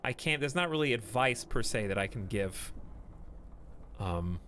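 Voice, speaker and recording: Chatty, bright-voiced man streaming a game. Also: mid-range voice, lively intonation, slight background noise. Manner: rambling, joking, quick to laugh. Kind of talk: casual gameplay stream commentary.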